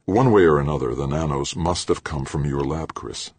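A man's voice: rumbling low, moderate pace, husky, no room sound, exaggerated voice. A man voicing a blunt, skeptical male leader who talks in an incredulous way.

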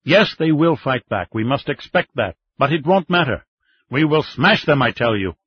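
A man's voice: medium pitch, animated, normal speed, husky, dry recording. A man voicing a stubborn older marshal who blusters and insists, on slightly dull, muffled audio. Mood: booming insistent. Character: defense minister, a stubborn, booming older male marshal.

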